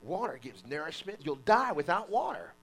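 In a slightly high voice at a moderate pace, a man delivers a lively sermon. He calls for the congregation to echo his words and performs mock quotations.

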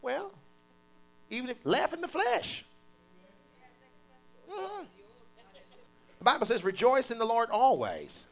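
Speaking slowly and pausing often, this man preaches in a very high voice. He animatedly calls on the congregation to repeat after him and mimics the voices of the people he quotes.

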